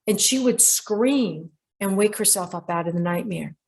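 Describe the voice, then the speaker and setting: A middle-aged woman hosting a show about dreams, telling a client's story in a lively way and quoting people directly. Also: mid-range voice, normal speed, vocal fry. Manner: animated storyteller who quotes people directly. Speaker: radio show host and dream interpreter. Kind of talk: storytelling monologue.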